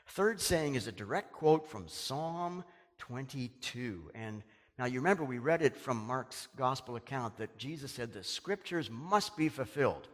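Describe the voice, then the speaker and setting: A male pastor preaching a sermon, swinging from raised, urgent lines down to hushed, drawn-out quoted words. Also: medium pitch. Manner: dramatic preaching, dropping to a hush on quoted words. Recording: long hall reverb.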